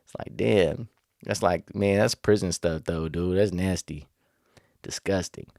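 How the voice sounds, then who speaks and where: A man's voice: a little slow, vocal fry, darkish tone, no echo, studio quality. A young man telling a rambling story in casual slang, laughing often and raising his voice when he quotes others. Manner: raises pitch when quoting others. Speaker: vlogger.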